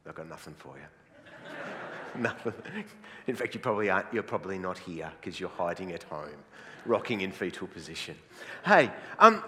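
Lively, joking Australian pastor. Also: male voice, medium pitch. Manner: jokey, self-deprecating, chatty. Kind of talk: sermon. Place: church hall with audience. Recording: reverberant church hall.

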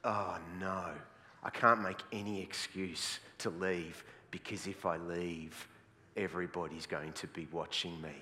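A man's voice: mid-range voice, fairly even intonation, moderate pace, long reverb tail, noisy background, lightly acted. A man voicing an anxious churchgoer who mutters fretfully to himself about escaping. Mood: panicked. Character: anxious reluctant male churchgoer.

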